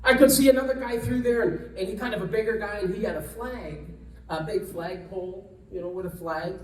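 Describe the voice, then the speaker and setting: Guy speechifying at a lunch event, highish voice, roomy hall, mic kinda far off. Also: fairly quick, darkish tone. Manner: vivid retelling, acts out the people he quotes, frequent restarts. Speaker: congressman giving a guest talk. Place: luncheon event room, indoors.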